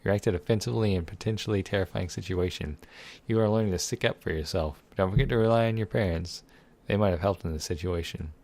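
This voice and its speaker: A let's play gamer reads a text game aloud in a low, darkish voice at a quick pace. He layers on sarcastic, irreverent commentary and swears freely.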